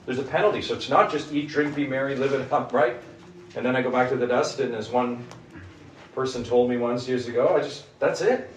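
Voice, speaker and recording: A man's voice: mid-range voice, fairly even intonation, fairly quick, a little hiss or hum. A man leading a group Bible study. He teaches in an emphatic way and keeps asking the group questions. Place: room with a small group. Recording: echoey room, mic at a distance.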